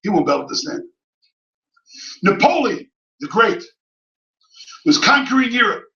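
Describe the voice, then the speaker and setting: Bright-voiced rabbi preaching in an echoey hall. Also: male voice, high-pitched, big pitch swings, normal speed, gravelly. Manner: swells from quiet teaching to crying, shouted pleas; Yiddish-inflected yeshiva English with Hebrew terms. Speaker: rabbi giving a Torah lecture. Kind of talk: impassioned sermon. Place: lecture hall at a yeshiva. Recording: echoey hall, mic at a distance, dull sound.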